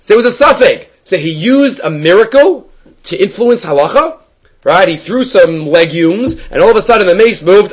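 A man with a slightly high voice leads a Talmud lesson. He moves between English and Hebrew and Aramaic terms and tells the stories with lively energy. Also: moderate pace, husky, low-quality recording. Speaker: Talmud teacher. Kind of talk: Talmud class lecture.

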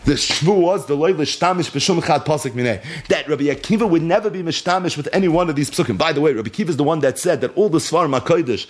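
A man's voice: a little high, fast talker, few pauses. A man giving a Torah lesson, reading Aramaic source lines and retelling them as a story, half-chanting the text. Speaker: Torah teacher. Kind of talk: Talmud and Zohar lecture, reading Aramaic and translating.

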